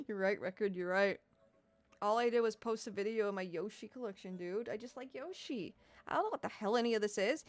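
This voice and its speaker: A woman's voice: medium pitch, lively intonation, brisk, no room sound. A young adult woman livestreaming, chatting casually, rambling, swearing a lot and laughing often. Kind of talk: casual live-stream chat reacting to comments.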